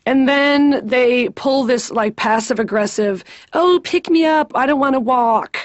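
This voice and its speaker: A high-strung, weepy therapy patient rants in quick, indignant bursts at a fairly high pitch. The audio is dry and dull, with a lo-fi sound. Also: female voice, expressive, no echo. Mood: ranting. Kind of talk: comic monologue in a therapy session.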